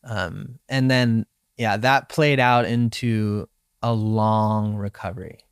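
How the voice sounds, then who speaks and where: Slow-paced and clean in tone, a fairly low-voiced young man tells his story in an interview. He is a professional surfer from Hawaii who reflects in a relaxed way, often performing his own inner voice. The studio recording is clean, with no room sound.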